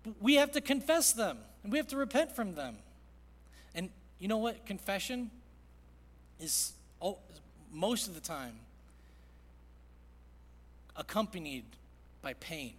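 Man, pastor, high voice, earnest sermon delivery, big echoing sanctuary. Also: very animated, measured pace, long pauses. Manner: earnest, swings from loud emphasis to hushed quiet. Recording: long reverb of a large hall.

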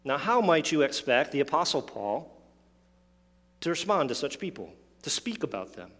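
A man's voice: on the high side, very animated, moderate pace, a bit bright. A man preaching a sermon, explaining a scripture passage, asking rhetorical questions and adding asides. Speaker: pastor. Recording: long hall reverb.

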